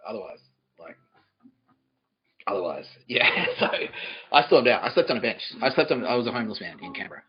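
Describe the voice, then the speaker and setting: A man's voice: on the low side, animated, a little fast, pauses often, lo-fi sound, faint music behind. A man, hosting a comedy podcast and telling a profane, mock-angry story. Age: 40s. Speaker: podcast host.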